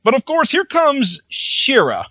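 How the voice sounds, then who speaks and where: A man's voice: very high voice, wildly swooping pitch, unhurried, pushed and bright, no room sound, highs cut off. A man co-hosting a podcast, chatting casually and animatedly, acting out lines and laughing often. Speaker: podcast co-host. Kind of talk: casual recap chat.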